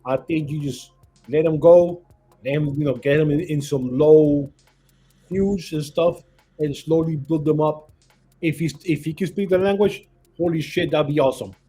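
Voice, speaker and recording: A husky man with a dark, mellow tone chatting about wrestling on a podcast. He stumbles over repeated words and drops "you know" as he goes, with faint music behind. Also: fairly high pitch, normal speed. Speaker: podcast co-host. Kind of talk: casual wrestling chat.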